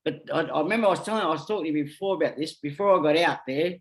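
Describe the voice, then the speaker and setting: A man's voice: a little high, very fast. An Australian man telling rambling stories as a podcast guest, talking bluntly and swearing freely. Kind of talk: casual storytelling.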